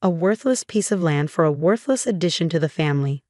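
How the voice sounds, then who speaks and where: A woman's voice: low voice, lively intonation, fairly quick, a little mellow, no room sound, studio quality. A woman reading the lines of a scornful, cold and cutting older mother-in-law in a storybook narration. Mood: sneering.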